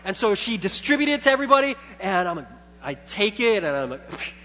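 A man in his thirties preaching a sermon as pastor, telling a story with lively swings from quiet reflection to loud, excited retelling of his own thoughts. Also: high-pitched, brisk. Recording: long church hall reverb with faint hum.

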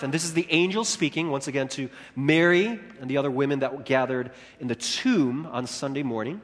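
Male pastor, high lively voice, sermon in a big echoing hall. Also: a little fast, hardly any pauses. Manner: animated preaching, acting out quoted lines.

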